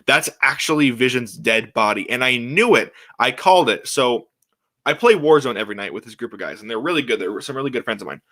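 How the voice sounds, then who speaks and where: Excited young man rambling on a show. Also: medium pitch, brisk. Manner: excited, rambling, many restarts and fillers. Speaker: podcast host. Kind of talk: casual solo chat.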